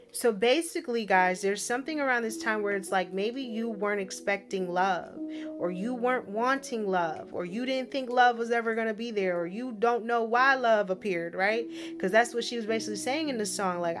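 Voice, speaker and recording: A woman's voice: on the high side, moderate pace. Woman, spiritual reader, casual message reading, chatty, tag questions, background music. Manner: chatty, repeats tag questions like "right?" and "okay?".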